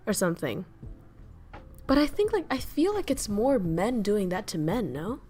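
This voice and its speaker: A woman's voice: lowish voice, animated, moderate pace, a little mellow. A woman streaming casual chat as a VTuber, ranting bluntly with lots of swearing, laughing and answering chat messages.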